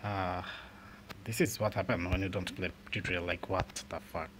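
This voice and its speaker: A man's voice: deep voice, little pitch movement, normal speed, noisy background. A young man commentating his football video game in frustration, swearing often and grumbling. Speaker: gaming channel host.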